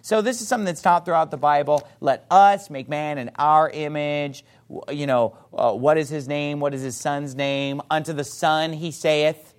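A man preaching a sermon, reading scripture emphatically and playfully mimicking his opponents in excited voices. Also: a little high, normal speed. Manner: reads scripture aloud in a rising, emphatic voice.

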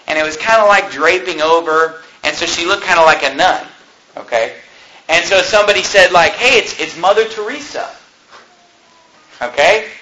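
Male preacher, sermon storytelling; casual "okay?" tags, dry humor, pitch swinging widely. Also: bright, forceful tone, slight background noise, low-quality recording. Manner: conversational, peppers talk with "you know" and "okay?"; wry, joking asides.

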